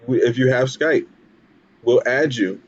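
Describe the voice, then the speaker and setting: A man's voice: mid-range voice, unhurried. A man co-hosting a casual live stream, rambling with many fillers and restarts over a video call. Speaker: co-host. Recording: dull lo-fi video call audio.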